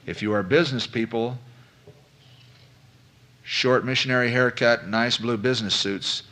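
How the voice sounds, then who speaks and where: A man's voice: medium pitch, steady tone, unhurried, long pauses, sharp tone. A man giving a business seminar lecture to a live audience, folksy and conversational, asking questions and repeating phrases for emphasis. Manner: folksy, addresses listeners as folks.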